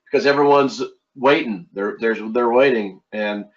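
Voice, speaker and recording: A middle-aged man from Philadelphia hosting a casual trading webinar, talking in a halting way with many repeated words and fillers. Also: medium pitch. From East Coast of the United States, Philadelphia. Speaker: webinar host and trading instructor. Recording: dull lo-fi online audio.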